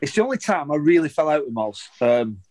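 Man, middle-aged, ex-pro footballer, swears a lot, somewhat high voice, dry close sound. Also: big pitch swings, fairly quick, darkish tone, no echo, low-quality recording. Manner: heated, sweary, rambling with many restarts. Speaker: former professional footballer. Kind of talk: candid interview storytelling.

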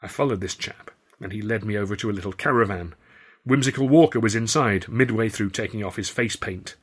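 A man's voice: lowish voice, fairly quick, slightly rough. A man reading his own novel aloud in first person, with a dry, wry storytelling manner. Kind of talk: first-person audiobook narration.

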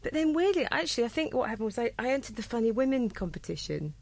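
A woman's voice: on the high side, sing-song, fast talker, gravelly, darkish tone. A Welsh woman in her thirties chatting as a podcast guest, laughing often and trailing off mid-sentence. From Wales. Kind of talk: casual chat.

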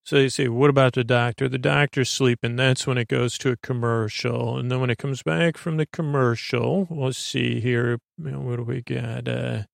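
Male podcast host with a gravelly, even-toned delivery, rambling through a sleepy retelling. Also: mid-range voice, normal speed, hardly any pauses, dry recording, studio quality. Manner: meandering, full of filler words.

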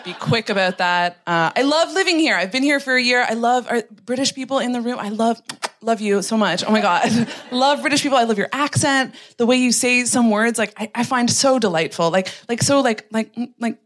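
A Canadian woman doing a stand-up set on a theatre stage, self-deprecating and halting, with lots of "like"s. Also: fairly high pitch, a bit bright. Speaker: stand-up comedian. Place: theatre stage, recorded live.

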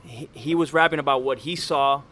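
Relaxed man telling stories, casual. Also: mid-range voice, fairly quick. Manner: relaxed storytelling with fillers. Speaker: podcast guest, rapper. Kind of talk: casual conversation.

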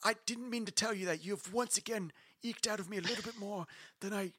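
A man's voice: sits high, a little fast, pushed and bright, husky, dry recording. A man acting as game master, playfully narrating in character and often stumbling over words with a laugh.

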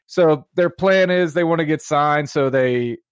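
A man's voice: a little high, measured pace, smooth, no room sound. Rambling, laughing male podcast host. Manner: rambling storyteller, laughs often. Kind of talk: casual chat.

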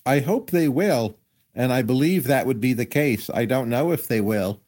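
Man, economist guest on a podcast, measured and analytical delivery. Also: mid-range voice, darkish tone. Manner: measured, analytical, hedging with hypotheses. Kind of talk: podcast interview answers.

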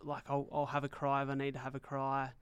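Animated host, smooth, dry. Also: male voice, medium pitch, a little fast, no room sound. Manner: animated, emotionally open storyteller. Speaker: podcast host. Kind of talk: conversational interview.

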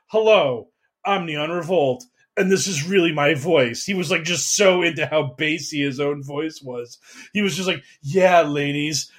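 Male podcast host, slightly high pitch, animated and sarcastic. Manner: animated, mocking, does quick voices for other people. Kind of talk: casual chat.

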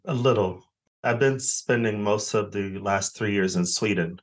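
A man hosting a podcast, reading a scripted welcome and then asking his guest questions in a relaxed way with easy laughter. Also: lowish voice, a little slow. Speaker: podcast host. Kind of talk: podcast interview.

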